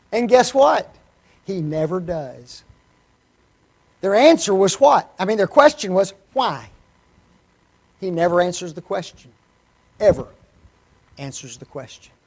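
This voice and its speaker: A man with a notably high voice preaches a sermon in a church. He talks in an animated way and keeps throwing rhetorical questions at the congregation.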